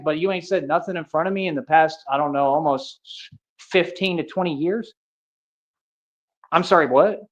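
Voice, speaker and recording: A man's voice: fairly high pitch, moderate pace, pauses often. A man on a livestream, ranting in a confrontational, boastful way, full of street slang and 'bro' and 'real talk'. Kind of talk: heated livestream rant. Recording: dull lo-fi stream audio.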